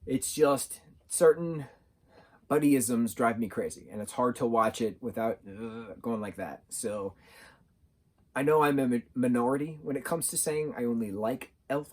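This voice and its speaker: A man's voice: mid-range voice, husky. A young man giving a casual, rambling film review to the camera, full of fillers and restarts. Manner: chatty, rambling, many fillers. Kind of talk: casual talking-head review.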